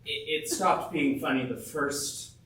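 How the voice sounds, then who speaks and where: An actor playing a skeptical, good-natured young man camper in a stage play, dismissive and quick to laugh, sometimes stammering. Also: on the high side, a bit bright, a little hiss or hum. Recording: roomy stage sound from a distant mic.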